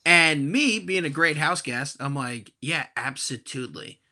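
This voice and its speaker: Young male podcast guest, bright raised voice, swears freely while spinning an exasperated comic yarn. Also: on the high side, measured pace. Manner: profane, animated, exasperated. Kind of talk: comedic storytelling on a podcast.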